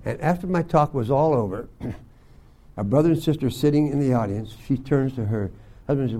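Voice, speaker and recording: An older man teaching a Bible school class, telling folksy stories and often clearing his throat. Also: medium pitch, moderate pace, mellow. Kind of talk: sermon to young students.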